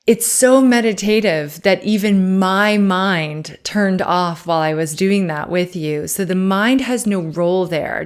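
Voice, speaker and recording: A woman podcast host and life coach leading a guided breathing meditation, calm and counting breaths aloud. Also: medium pitch, measured pace, hardly any pauses.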